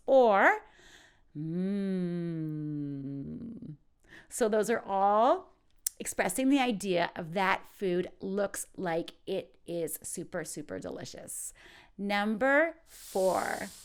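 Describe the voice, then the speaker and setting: A woman teaching an informal English lesson who acts out each exclamation with big, expressive swings. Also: medium pitch, creaky.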